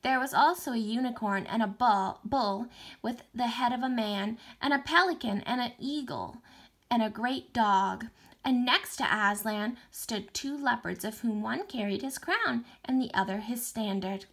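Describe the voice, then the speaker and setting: Woman teacher, storybook read-aloud, expressive, bright, slightly high voice, webcam mic. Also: measured pace. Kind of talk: reading a novel aloud.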